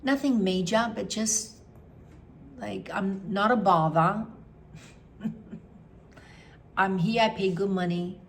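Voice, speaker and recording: A woman's voice: medium pitch, slow pace, pauses often, slight background noise. A middle-aged woman chatting casually and frankly, rambling with many fillers. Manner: frank, opinionated. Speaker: vlogger. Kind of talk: casual review chat.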